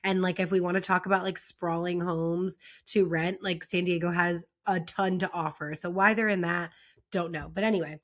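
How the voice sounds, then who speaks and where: Chatty young woman recapping reality TV. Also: fairly low pitch. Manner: chatty, frequent "like" fillers, exasperated. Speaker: reality TV commentator. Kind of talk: casual opinionated recap.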